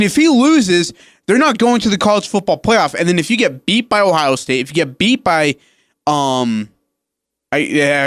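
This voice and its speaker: A man's voice: fairly high pitch, a bit bright, dry recording, clean studio sound. A man co-hosting a sports radio show, talking casually with emphatic, opinionated energy.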